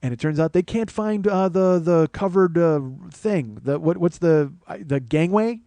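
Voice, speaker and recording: A man's voice: a little high, normal speed, warm tone, dry recording. A man telling a comic story as a podcast host, profane and ranting with mock paranoia.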